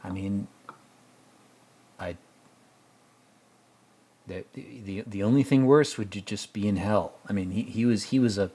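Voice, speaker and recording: A man's voice: fairly low pitch, a little slow, long pauses, dark tone, slightly rough. A man hosting a casual film commentary, rambling and stammering with joking asides. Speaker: host.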